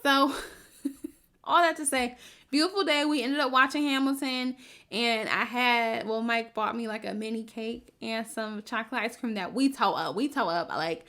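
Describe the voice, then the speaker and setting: A woman's voice: a little high, normal speed. A woman podcast co-host chatting casually, telling a story with lots of laughter and feeling. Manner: animated storytelling, laughs often. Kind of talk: casual chat.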